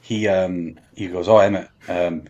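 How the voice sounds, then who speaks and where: A man telling a long story on a podcast, halting with many ums and restarts. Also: sits low, steady tone, darkish tone, lo-fi sound. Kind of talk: casual storytelling chat.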